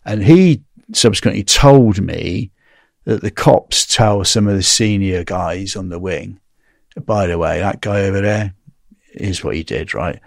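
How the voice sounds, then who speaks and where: A man's voice: sits low, creaky, no room sound, studio quality. A man from England, recounting his time in a US prison in a rambling, anecdotal way, often tagging "right?". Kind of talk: casual storytelling interview.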